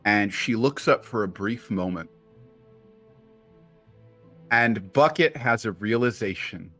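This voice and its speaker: A man narrating as game master of a tabletop game, relaxed and unhurried. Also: fairly low pitch, faint music behind.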